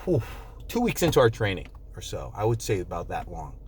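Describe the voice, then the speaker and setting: A man in his fifties, from New Jersey, talks straight to the camera about nursing in a casual monologue. He swears without a second thought and slips into other people's voices for quick quotes. His pitch rises and falls a lot, and the whole thing feels loose and animated. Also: slight background noise. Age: 50s. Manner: blunt and profane, acts out quoted people. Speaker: nurse vlogger.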